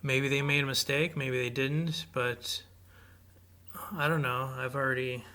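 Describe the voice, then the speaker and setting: A man's voice: mid-range voice, steady tone, measured pace, pushed and bright. A man co-hosting an advice podcast, talking hesitantly and with self-doubt in casual chat. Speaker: podcast co-host.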